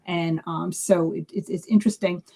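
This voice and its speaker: A woman's voice: lowish voice, steady tone, normal speed, vocal fry, dark tone, slight background noise. Woman host, psychic medium type, talkative storyteller who loves acting out dialogue. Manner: chatty with many fillers and restarts. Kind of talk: casual live video chat.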